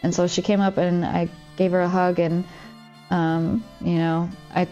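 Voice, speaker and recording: A woman's voice: on the low side, little pitch movement, unhurried, warm tone, dull audio, soft background music. A woman streaming from home, chatting casually and confidingly, with lots of "like" as she rambles. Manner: rambling, heavy use of "like", open and confiding. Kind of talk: casual chat while streaming a game.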